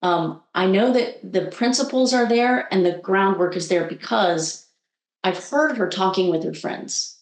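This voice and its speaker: A woman coach sharing a story in an animated, conversational way, acting out the voices she quotes. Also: mid-range voice, unhurried, echoey room. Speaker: guest coach.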